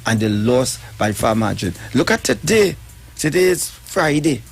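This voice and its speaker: A man's voice: mid-range voice, sing-song, measured pace, gravelly, husky. A man giving casual, emphatic political commentary and often checking in with "right?". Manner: emphatic, keeps asking "right?".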